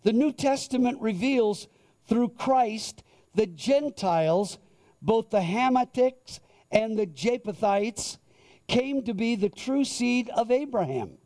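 A man preaching a sermon, reading and explaining scripture in a slow, deliberate manner. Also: very high-pitched, expressive, warm tone. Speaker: pastor.

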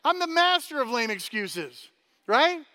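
A man preaching a sermon as pastor, energetic and chatty, often tossing "right?" at the congregation and restarting his sentences. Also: very high-pitched, unhurried. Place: church hall. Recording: long hall reverb.

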